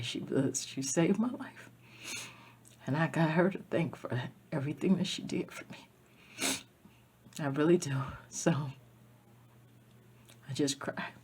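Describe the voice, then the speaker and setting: A woman vlogging a rambling, emotional personal monologue, tearful and repetitive, dropping from loud outbursts to near-whispers. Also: deep voice, husky.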